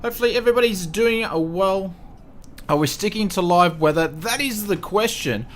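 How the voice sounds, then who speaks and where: A man's voice: high voice, normal speed, fairly bright tone, slight background noise. Upbeat man hosting a livestream. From Australia. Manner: greets viewers one by one, upbeat. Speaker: livestream host. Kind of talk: casual livestream chat.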